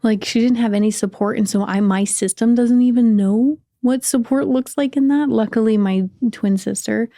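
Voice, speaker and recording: A woman talking on a podcast in a thoughtful, soft-spoken way, searching for her words as she opens up. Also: a little high, normal speed, few pauses, dry recording, studio quality. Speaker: podcast guest, host's partner. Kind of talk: casual conversation.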